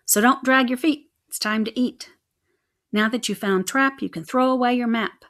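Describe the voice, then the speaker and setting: A woman voicing a showy, self-loving male mouse cook from a storybook, pitching his food in a sing-song rhyme. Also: normal speed, a bit bright, lightly acted. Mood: boastful.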